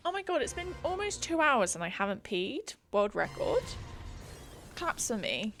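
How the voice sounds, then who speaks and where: A woman's voice: fairly high pitch, big pitch swings, normal speed, a bit bright, faint music behind. A young woman from England chatting casually on a live stream, giggly and reading chat aloud into a desk mic. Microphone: desk mic she keeps bumping.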